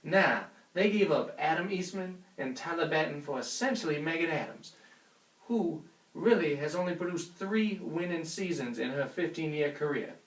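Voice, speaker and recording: A man's voice: a little high, lively intonation, normal speed. Cocky man doing crude sports analysis. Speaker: sports show co-host. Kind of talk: mock sports analysis comedy. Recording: roomy sound from a distance.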